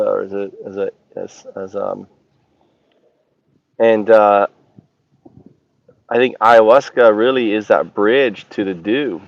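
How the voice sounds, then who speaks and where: A man recounting his experience in a halting, rambling monologue, often stopping to search for words. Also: fairly low pitch, gravelly. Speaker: channel host. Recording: dull lo-fi recording.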